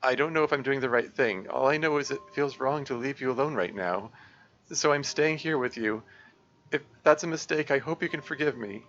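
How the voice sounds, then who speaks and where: A man's voice: mid-range voice, a little fast, a bit bright, dull audio, pitched above the performer's own voice, close to an everyday voice. A man voicing an anxious, caring teenage girl who stammers and pleads, reading a visual novel aloud. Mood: gentle.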